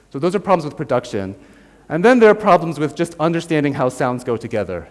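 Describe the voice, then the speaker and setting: An American man lectures at a university in a mid-range voice. The long reverb of a lecture hall trails behind his words. He explains patiently, sounds things out himself and often checks in with a quick "right?". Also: medium pitch.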